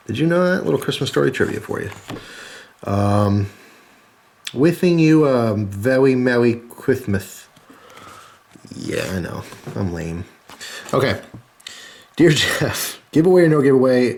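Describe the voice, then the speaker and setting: A man's voice: medium pitch, slight background noise. A man hosting his channel, reading viewer holiday cards aloud in a chatty, joking way and thanking each sender. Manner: chatty, jokey, thanks readers warmly. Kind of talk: casual chat.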